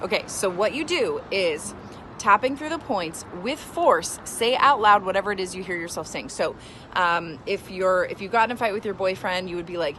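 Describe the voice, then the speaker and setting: A woman's voice: medium pitch, expressive, normal speed, pushed and bright, slight background noise. A woman in her thirties, a self-help coach talking casually to camera, chatty and enthusiastic with lots of fillers. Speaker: tapping coach.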